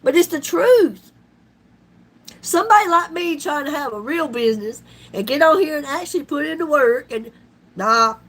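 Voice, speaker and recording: A middle-aged woman chats casually on a live stream in a high-pitched, animated voice at normal speed. She's loud and folksy, using down-home slang and laughing often.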